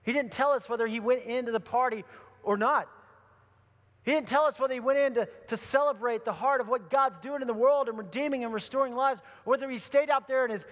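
A middle-aged male pastor preaching a sermon in a casual, animated storytelling way. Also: very high-pitched, a little fast, in a large hall.

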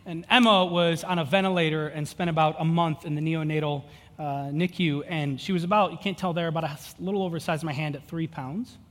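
A pastor in his thirties delivers a sermon in a fairly high voice, moving from relaxed storytelling into fervent, climbing intensity. His words ring out with a long reverb tail in a large church hall. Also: fairly quick. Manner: earnest storytelling with rising passion.

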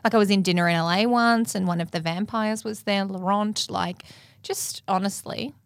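A woman's voice: medium pitch, steady tone, moderate pace, no echo. A woman guest in a casual chat, playful and giggly as she tells stories. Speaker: podcast guest.

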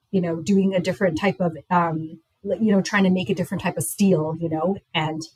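A woman co-hosting a podcast, asking a guest a question in halting, searching phrasing. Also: on the low side, slightly rough, no echo, rough recording. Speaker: podcast co-host. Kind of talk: casual interview questions.

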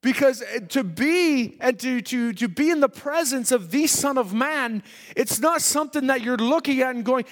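Preaching animatedly at a moderate pace, a high-pitched man moves back and forth between booming emphasis and gentle, hushed asides. The church hall gives his voice a long, echoing reverb.

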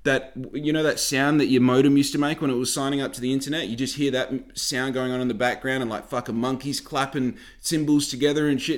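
A man's voice: mid-range voice, fast, few pauses. A man telling a story as a heated, exasperated rant full of swearing.

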